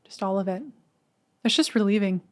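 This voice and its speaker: A woman's voice: medium pitch, steady tone, fairly quick. Candid woman sharing openly on a podcast. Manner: candid, emotional, swears casually. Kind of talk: casual conversation.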